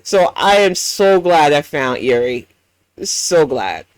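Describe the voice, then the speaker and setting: A man with a New York accent delivers angry reaction commentary, cursing freely and mocking his target. His voice sits high for a man. The sound is dry and close, with no room around it. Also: big pitch swings, takes it slowly, no room sound. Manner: blunt, profane, mocking. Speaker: commentary host.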